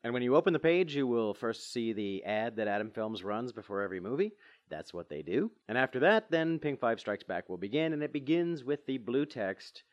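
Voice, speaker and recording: A man's voice: medium pitch, big pitch swings, fairly quick, dull audio. A man co-hosting a casual commentary track, chatty and explaining things step by step. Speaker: commentary co-host. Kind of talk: casual chat.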